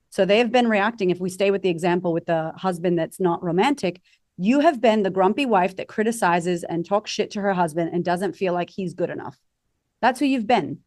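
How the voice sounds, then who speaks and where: A woman's voice: mid-range voice, a little mellow, no room sound, clean studio sound. A woman confidence coach talking animatedly as a podcast guest, acting out quoted voices. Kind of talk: podcast interview.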